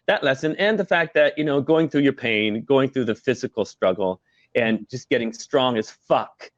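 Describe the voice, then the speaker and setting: A man's voice: medium pitch, expressive, normal speed, dry recording, muffled recording. A middle-aged man, a former musical performer, telling stories as an interview guest in a chatty way, laughing often and using many fillers. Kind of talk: casual video-call interview.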